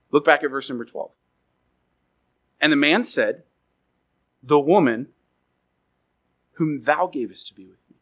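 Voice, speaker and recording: A man preaching a sermon, animated and acting out quoted voices as he goes. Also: on the high side, rough recording. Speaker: pastor.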